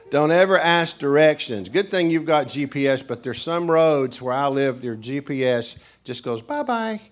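Folksy Tennessee mountain-accent preacher. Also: male voice, medium pitch, a little slow. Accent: East Tennessee mountain. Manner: folksy, joking, chuckling storyteller. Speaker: pastor. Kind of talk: humorous sermon to a congregation.

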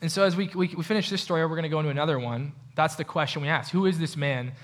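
A man's voice: a little high, racing. A man preaching a sermon in a church, talking conversationally and asking the audience questions. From United States. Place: church hall with a projector.

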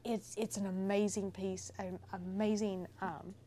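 Lady guest chatting on a podcast, warm and lively, tells stories. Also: medium pitch, measured pace, slight background noise. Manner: warm, animated storyteller. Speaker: film festival organizer guest. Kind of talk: casual podcast chat, storytelling.

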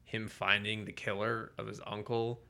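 A man's voice: on the low side, little pitch movement, normal speed, vocal fry, pushed and bright. A man co-hosting a casual comedy podcast, ranting with profanity and acting out quotes in silly voices. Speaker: podcast co-host.

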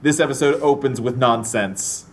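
A woman's voice: extremely low pitch, normal speed, a little hiss or hum. A woman co-hosting a podcast, amused and incredulous as she talks. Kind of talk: casual podcast chat.

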